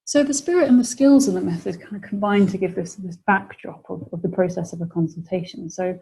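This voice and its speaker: Husky woman giving a webinar lecture. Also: lowish voice, brisk, warm tone, rough recording. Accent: British. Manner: explanatory, models example phrases for clients. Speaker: webinar presenter.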